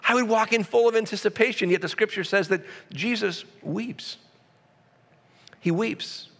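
Male pastor mid-sermon, high voice, echoing hall, punchy repeated lines with asides to the room. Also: normal speed, fairly bright tone. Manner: preaching with emphatic repetition and audience asides.

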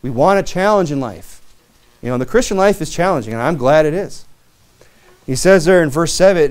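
Lively preacher, a bit high-voiced. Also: male voice, fairly quick, clean tone. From Michigan. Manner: lively preaching, acts out quotes, many asides. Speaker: pastor. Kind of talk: sermon.

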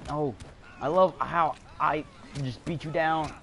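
A young man in his teens giving excitable, jokey gameplay commentary while live-streaming, swearing often. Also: fairly high pitch, takes it slowly, vocal fry, slight background noise. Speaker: gamer streamer.

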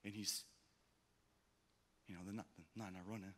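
A man preaching a sermon with drama, swinging between loud outbursts and hushed, slow passages. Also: low voice, steady tone, breathy edge. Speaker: pastor. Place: church hall. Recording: hall reverb.

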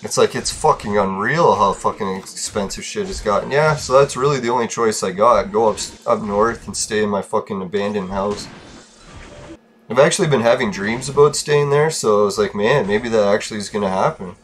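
A man's voice: lowish voice, moderate pace, slight background noise. A man podcasting alone, venting bitterly in a casual, profane rant. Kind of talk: casual ranting monologue.

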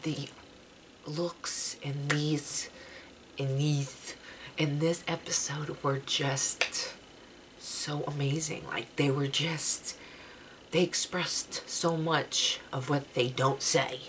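A young woman with a low voice gushes about a TV episode, rambling and restarting her sentences. Her home recording carries a clear hiss of background noise. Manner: gushing, rambling, many "like"s and restarts. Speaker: TV review vlogger. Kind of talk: casual excited review chat.

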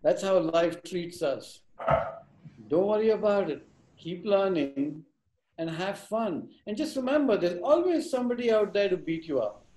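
A man's voice: high-pitched, lively intonation, unhurried, dark tone, echoey room, a little hiss or hum, rough recording. A man telling a fable to a live audience at a workshop. He acts out the characters in voices and quizzes the listeners as he goes. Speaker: workshop speaker. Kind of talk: storytelling to a live group.

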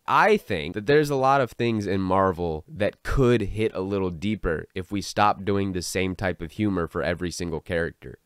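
A man's voice: low-pitched, dry recording, studio quality. A man giving a sarcastic, mocking commentary in a video about a film writer. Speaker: online commentator. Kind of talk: commentary vlog.

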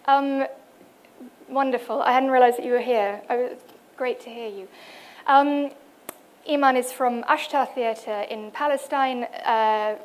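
At a cultural event in an event hall, a woman from the UK gives a presentation introducing other artists. Her fairly high voice is unhurried with fairly even intonation, and she hesitates a lot, using many fillers, restarting, and reading quotes aloud.

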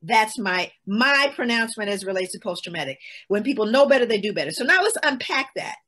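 Woman in her sixties, high voice, husky, emphatic, storytelling webinar talk. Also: big pitch swings, quick pace, fairly bright tone. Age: 60s. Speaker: guest speaker. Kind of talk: lecture-style webinar talk.

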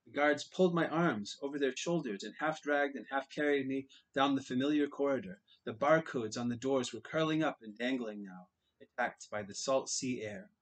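A man of ordinary, mid-range pitch reading a novel aloud in the first person. His narration is earnest and swells dramatically at tense moments. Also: moderate pace, hardly any pauses, poor audio. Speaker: audiobook reader. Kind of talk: audiobook narration.

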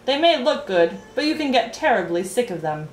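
A sensible storybook watchdog gives a kindly warning, as a woman puts him on. The lively voice carries a roomy echo. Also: a little high, fairly quick, a little hiss or hum, pitched above the performer's own voice. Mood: cautioning. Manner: warning, advising. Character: sensible, caring male watchdog.

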